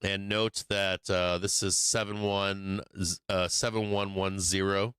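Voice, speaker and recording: A man's voice: low-pitched, flat delivery, slow pace, fairly bright tone, smooth, no echo. A man hosting a live stock market stream, talking casually and rambling with lots of restarts while he works his charts. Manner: rambling, restarts often, drifts off mic while working screens; casual and profane. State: has the hiccups. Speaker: stock market livestream host.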